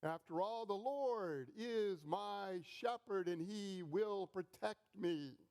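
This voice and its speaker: A man's voice: high-pitched, takes it slowly, gravelly, darkish tone, clean tone, heavily acted. A pastor doing a stubborn, indignant stranded man. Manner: insistent, self-assured refusals.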